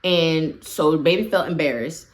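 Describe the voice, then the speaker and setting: Speaking low and at an even pace, this woman offers a casual movie recap of a horror film on her channel, chatting freely and tossing in her own opinions as she goes.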